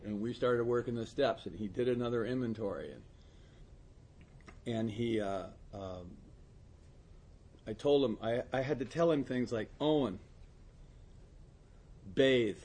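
A man telling a casual story about someone he mentors, breaking into laughter again and again. He doubles up words and restarts his sentences as he goes. There is a clear hiss under the voice and clicks in the recording. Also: medium pitch, moderate pace, pauses often, a little mellow. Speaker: recovery sponsor telling a story. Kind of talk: casual spoken anecdote.

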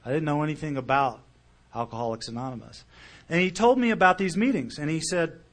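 A middle-aged man shares his story before a group, his voice sitting a little high for a man. He talks animatedly, acting out what other people said and dropping from loud bursts to near mutters. The delivery is personal and conversational. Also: fairly quick. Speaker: speaker sharing recovery story. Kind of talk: storytelling talk at a recovery meeting.

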